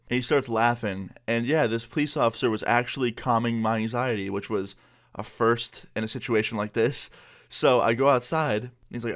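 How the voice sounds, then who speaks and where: A young man casually telling a personal story, acting out the voices of people he quotes. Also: fairly quick. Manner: animated, acts out quoted voices with pitch jumps. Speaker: storytime YouTuber.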